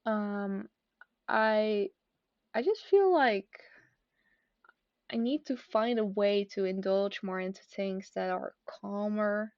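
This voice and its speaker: A woman's voice: medium pitch, slow, long pauses, a little mellow, dry recording. A young woman talks casually to the camera from her desk at home, rambling and self-deprecating, often stopping and restarting. The sound is dry and slightly dull, like a basic home setup. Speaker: vlogger. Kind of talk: casual confessional chat.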